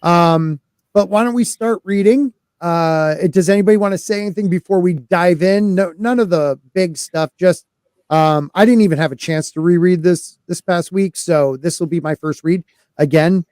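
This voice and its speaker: A man's voice: sits high, normal speed, darkish tone, smooth, no room sound, clean studio sound. A man hosting a casual podcast chat, loose and talkative, greeting live chat viewers as he goes. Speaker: podcast host.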